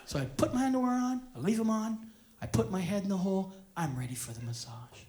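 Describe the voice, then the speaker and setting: Loud profane male stand-up comic. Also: high-pitched, expressive, fast. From Canada. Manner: profane, loud, crowd-baiting delivery. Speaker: stand-up comedian. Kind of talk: stand-up comedy set. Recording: live club set with loud crowd laughter.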